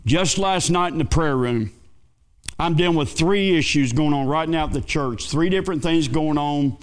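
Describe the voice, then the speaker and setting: Preacher guy telling a church story, bit high voiced, goes big then quiet. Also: moderate pace. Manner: folksy, dramatic storyteller, swings from excited to hushed. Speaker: pastor. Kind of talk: sermon storytelling.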